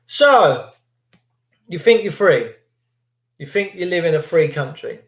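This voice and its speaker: A man's voice: on the high side, big pitch swings, slow, long pauses, reverberant. A British man hosting a livestream, ranting in a sarcastic, indignant and rambling way. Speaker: livestream host.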